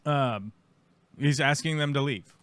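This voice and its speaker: A man's voice: mid-range voice, unhurried, a bit bright. Sarcastic, profane male stream host. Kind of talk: profane live commentary on clips.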